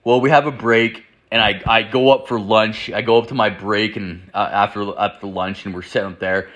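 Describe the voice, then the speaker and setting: A man's voice: on the low side, fairly even intonation, normal speed, fairly bright tone, muffled recording. A man hosting a show, telling a rambling comedic story from his own life, swearing heavily and saying "like" a lot. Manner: rambling, heavy swearing, lots of "like". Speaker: show host.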